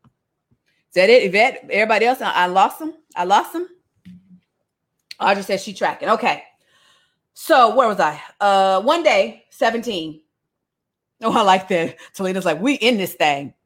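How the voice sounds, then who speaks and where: Lively woman teaching a Bible lesson. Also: medium pitch, normal speed, long pauses. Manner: lively and conversational, breaks off reading to comment. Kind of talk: casual Bible lesson with read-aloud and commentary.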